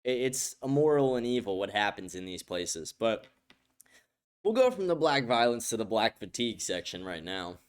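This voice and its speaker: A man's voice: on the low side, sing-song, normal speed, smooth. A man hosting a streamed commentary show, talking bluntly and profanely straight to his viewers. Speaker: show host.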